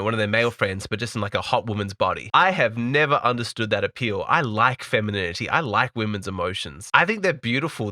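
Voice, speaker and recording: A man calmly lecturing as he comments on a reaction clip. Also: fairly low pitch, no echo, studio quality. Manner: measured, lecturing.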